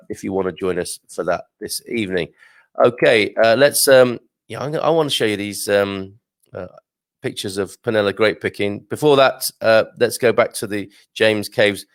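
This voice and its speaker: A man with a fairly low voice hosts a relaxed live stream, reading aloud and drifting into chatty asides. The sound is dry and close, with no room echo. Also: moderate pace. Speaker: host. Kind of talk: casual live-stream chat.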